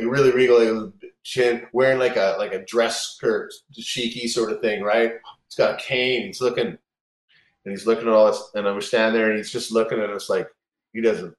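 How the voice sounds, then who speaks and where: In a fairly low yet fairly bright voice, a man tells a long, casual road story, swearing a lot and restarting sentences as he rambles. The recording has a roomy echo.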